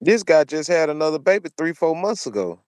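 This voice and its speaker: Sing-song and fairly quick, a fairly high-pitched man with a darkish tone hosts a commentary channel. He delivers preachy, opinionated solo commentary, repeating phrases over and over, in a studio-quality recording without echo.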